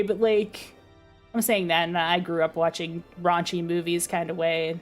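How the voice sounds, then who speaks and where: A young adult woman with a low, dark speaking voice, chatting casually on a stream with lots of fillers and self-deprecating asides. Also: flat delivery, normal speed, soft background music.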